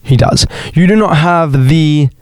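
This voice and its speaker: A young man, hosting a podcast and telling a story in a chatty, dramatic way, sometimes jumping into high sing-song exclamations. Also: a little slow, a little mellow, clean tone, dry recording. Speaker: podcast host. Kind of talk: casual storytelling monologue.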